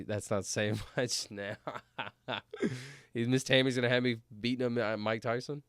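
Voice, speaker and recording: A young man, a streamer, telling rambling stories in casual chat, filling every pause with "like" and "anyways.". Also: mid-range voice, steady tone, a bit bright, clean tone, no room sound, clean studio sound. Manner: rambling, filler-heavy, says "like" and "anyways" constantly. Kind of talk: casual storytelling while reading chat.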